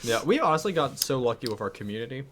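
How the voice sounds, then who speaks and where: A young man in casual chat as a podcast guest, easygoing and quick to laugh. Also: medium pitch, sing-song, crowd noise.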